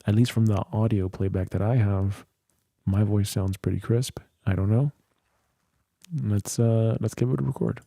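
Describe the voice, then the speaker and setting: A man's voice: lowish voice, steady tone, moderate pace, creaky, mellow, dry recording. A tired man hosting a livestream, rambling and thinking aloud into a close studio mic. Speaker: livestream host. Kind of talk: casual livestream chat. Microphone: close studio dynamic mic.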